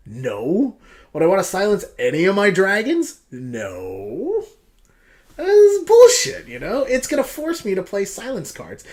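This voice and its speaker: A man reviewing game cards, venting with casual profanity. His pitch leaps up and down as he rants, lively and unguarded. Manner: animated, profane, ranting.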